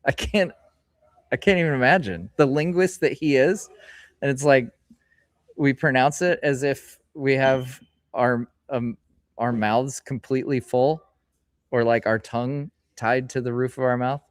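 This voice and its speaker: A middle-aged man hosts a casual live stream, chatting in a rambling way and reading card names aloud slowly. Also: mid-range voice, no room sound, studio quality. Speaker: streamer host. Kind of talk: casual live-stream chat while opening card packs. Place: hobby store, indoors.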